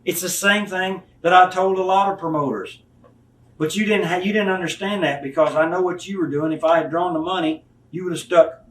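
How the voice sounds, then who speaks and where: Fifties guy, blunt wrestler storytelling, kinda high voice, echoey and a little hissy. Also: steady tone, fairly quick, fairly bright tone. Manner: blunt, profane storytelling, acts out quoted people. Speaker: retired wrestler, interview guest. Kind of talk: candid shoot interview. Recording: echoey room, mic at a distance, faint hiss.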